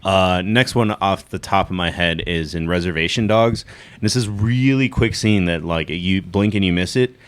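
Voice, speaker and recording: A man co-hosting a casual podcast chat, recapping favorite scenes with many pauses and ums. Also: low voice. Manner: rambling, hesitant with many ums. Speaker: podcast co-host.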